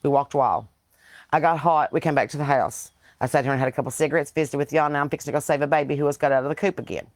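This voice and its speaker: A woman's voice: deep voice, steady tone, rapid-fire, no echo. A Southern woman hosting a casual livestream podcast, reading viewer comments in a blunt, profane, folksy preaching way on a porch, into a computer mic. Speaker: podcast host.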